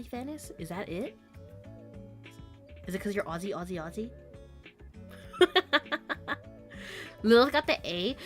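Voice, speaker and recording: A young woman, a streamer chatting casually with her live chat, giggly and quick to react. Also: mid-range voice, a bit bright. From Canada.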